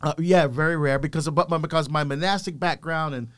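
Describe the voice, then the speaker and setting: The speaker, a middle-aged deacon visiting as a guest, has a slightly high voice and a quick pace. He narrates his life animatedly, slipping into the voices of those he quotes.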